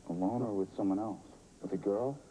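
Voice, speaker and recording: Actor as gruff confessor priest, low voice, very dark tone, film comedy. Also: male voice, fairly even intonation, fairly quick, a little hiss or hum, lightly acted, rough recording. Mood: impatient. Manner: bored, gruff, nosy. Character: impatient nosy male priest in confession.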